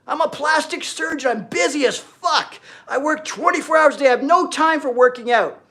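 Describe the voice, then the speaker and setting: A man's voice: very high voice, moderate pace, sharp tone, pitched above the performer's own voice. A self-important male surgeon, as a man mocks him in a raised, whiny voice, bragging about how busy he is. The excuse-making is laid on thick and exaggerated.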